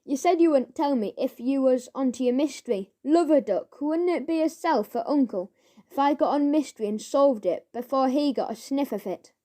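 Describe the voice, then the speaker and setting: A woman's voice: high-pitched, lively intonation, moderate pace, warm tone. A woman reading a children's audiobook, voicing an eager, slangy working-class boy who runs his words together.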